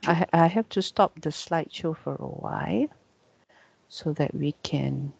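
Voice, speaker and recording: A woman's voice: deep voice, unhurried, creaky, a little mellow, dull audio. A woman from Malaysia, teaching an online grammar class and patiently repeating points, checking in with "yeah?" between them. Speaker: Arabic teacher.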